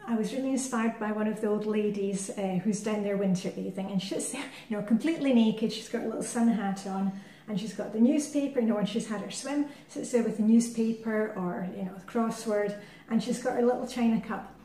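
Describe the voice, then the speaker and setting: A woman vlogger talks in a chatty, friendly way, full of ums and restarts, and then reads a poem aloud. Her voice sits a little on the high side. The recording has a noticeable roomy echo. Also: fairly quick, far from the mic. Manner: chatty and warm-hearted, with frequent fillers. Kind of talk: casual chat and poem reading. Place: living in Denmark.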